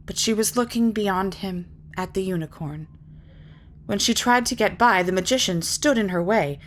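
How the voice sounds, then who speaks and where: A woman reading a fantasy novel aloud in measured, lyrical narration. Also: lowish voice. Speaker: reader. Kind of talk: audiobook narration.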